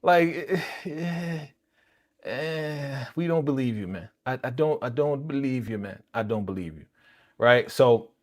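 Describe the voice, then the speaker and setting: A man's voice: mid-range voice, measured pace. A man hosting a live reaction stream, chatting in slang and acting out characters' lines. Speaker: channel host reacting to a TV episode.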